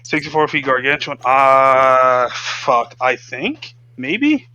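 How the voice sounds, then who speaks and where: A man playing a tabletop role-playing game in casual chat, excitable and swearing freely, slipping into his character's lines. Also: medium pitch, slow pace, lo-fi sound, a little hiss or hum. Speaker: player.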